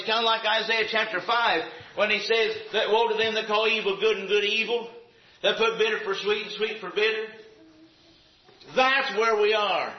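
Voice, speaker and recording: A man's voice: high-pitched, moderate pace. A man preaching a sermon in a church, emphatic and repetitive, firing off rhetorical questions. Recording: echoey, dull lo-fi sound.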